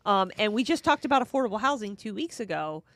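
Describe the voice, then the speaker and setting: A woman's voice: medium pitch, sing-song, fairly bright tone, dry recording. Chatty woman explaining local politics. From Florida. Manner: chatty, many restarts, brisk explaining. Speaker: podcast co-host. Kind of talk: casual political chat.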